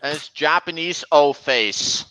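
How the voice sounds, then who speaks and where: A man's voice: on the high side, measured pace, sharp tone, no room sound, poor audio. A man hosting a casual stream, chatting over video clips and pointing out details to his viewers. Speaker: stream host.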